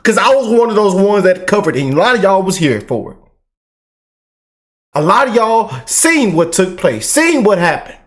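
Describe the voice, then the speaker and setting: A man hosting a reaction channel, talking casually and excitedly to his viewers in fast bursts. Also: high voice. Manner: excited, animated, talks fast in bursts, drawls slow commands. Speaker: commentary channel host.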